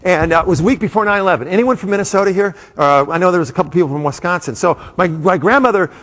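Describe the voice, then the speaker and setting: A man giving a live, comedic motivational talk to an audience, animated and full of quick asides to the crowd. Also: high-pitched. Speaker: motivational speaker. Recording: long hall reverb.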